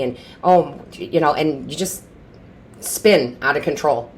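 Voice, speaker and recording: Low-pitched and a little slow, a woman's voice reassures chattily through an intuitive tarot reading, with slight background noise. She often restarts her sentences and repeats phrases to stress them.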